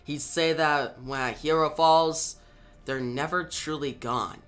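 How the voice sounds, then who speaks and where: A man's voice: on the high side, steady tone, takes it slowly, soft background music. A man reading a solemn young sorceress. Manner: quiet, solemn. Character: somber young female sorceress.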